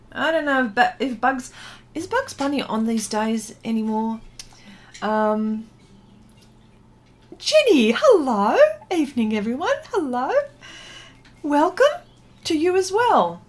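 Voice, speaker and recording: A middle-aged woman hosting a casual art livestream, chatting, reading viewer comments aloud and laughing often. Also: high voice. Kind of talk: casual livestream chat while painting.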